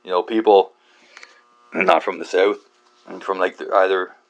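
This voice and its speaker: A man talks in a rambling casual monologue with a very deep, low voice, tripping over fillers and restarting his sentences. He swears freely and pokes fun at himself. A steady mains hum sits beneath the recording. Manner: halting, many fillers and restarts, frequent swearing; self-deprecating, laughs at himself. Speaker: book channel host.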